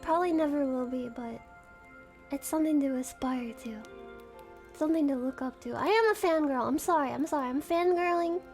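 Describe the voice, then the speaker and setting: Very high-voiced giggly woman streamer. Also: fairly quick, faint music behind. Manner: giggly, rambling, self-conscious fangirling. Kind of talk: casual live-stream chat.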